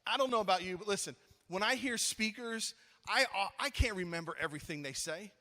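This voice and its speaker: A middle-aged man preaching at a youth conference, telling a funny story with lively acted-out dialogue, then slowing into earnest appeals. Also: high voice, big-room sound. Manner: animated, acts out his own story, then slows to earnest appeals. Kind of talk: storytelling sermon.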